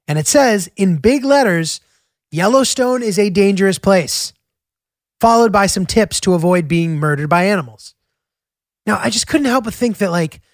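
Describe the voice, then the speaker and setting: A man's voice: high-pitched, dry recording, clean studio sound. A young man chatting casually about a road trip, easygoing and full of filler words. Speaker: travel vlogger. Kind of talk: casual travel narration. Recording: voice-over with music bed.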